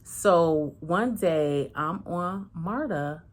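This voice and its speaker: A woman tells a personal story casually. She talks frankly and slangily, swears freely, and acts out each person's lines. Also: very slow. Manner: animated, acts out every voice with big pitch swings. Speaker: channel host.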